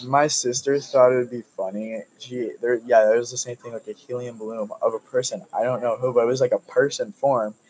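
A young man co-hosting a casual chat, laid-back and quick to chime in. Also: mid-range voice, steady tone, darkish tone, poor audio. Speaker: co-host.

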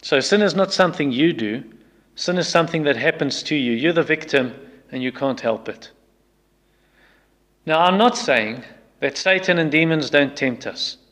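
A man's voice: fairly high pitch, expressive, normal speed, fairly bright tone. A man preaching a sermon with emphatic repetition, acting out people's excuses in quoted voices. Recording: long reverb of a hall.

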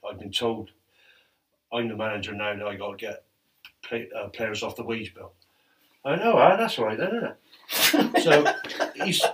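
A middle-aged man telling animated football stories in casual chat, laughing often. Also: mid-range voice. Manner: laughs often, animated anecdotes, quotes others. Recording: distant mic with faint noise.

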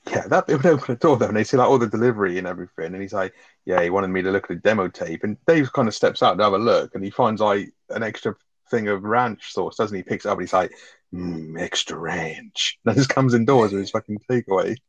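A man's voice: lowish voice, fast talker, no echo, dull audio. A man co-hosting a podcast, chatting casually and retelling film scenes with lots of swearing. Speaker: podcast co-host reviewing a film. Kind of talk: casual chat.

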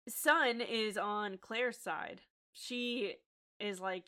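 A woman co-hosts a casual podcast, retelling a TV episode scene by scene. She laughs often and gets animated, with a bright, forceful tone. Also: medium pitch, extremely slow. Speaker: podcast co-host. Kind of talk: casual chat, recapping a TV episode.

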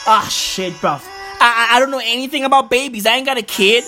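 A woman in a comedic rant, profane and repetitive, rambling in loud outbursts. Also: fairly high pitch, fairly quick, hardly any pauses, over loud music.

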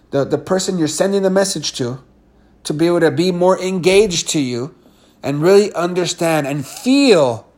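Energetic man coaching on communication. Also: on the high side. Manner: energetic, emphatic, demonstrates tone shifts. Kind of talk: teaching talk to camera.

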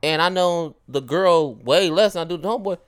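A man co-hosting a casual podcast chat, joking and animated as he tells stories about his friends. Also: on the high side, fairly quick, smooth. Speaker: podcast co-host.

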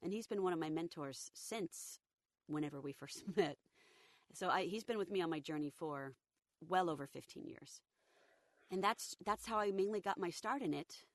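A woman voice actor telling stories in a casual interview, her voice deep and rough as she recovers from an illness, acting out quotes with energy. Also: normal speed, no room sound, clean studio sound. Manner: lively anecdotal, acts out quotes. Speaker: voice actor guest.

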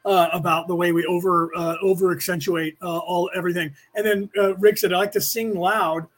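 A man's voice: high voice, flat delivery, fairly quick, a bit bright. An American man hosting a podcast class, talking in a rambling, opinionated way with many fillers and restarts. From United States. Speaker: podcast host and class teacher. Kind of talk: casual rambling lecture.

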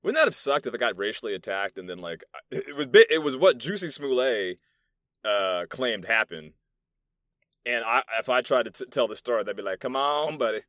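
A young New York man hosts a solo podcast, rambling through loose, profane stories full of fillers, recorded in a soundproof meeting room. His mid-range voice is sing-song and a bit bright at a moderate pace, with clean studio sound and no room sound.

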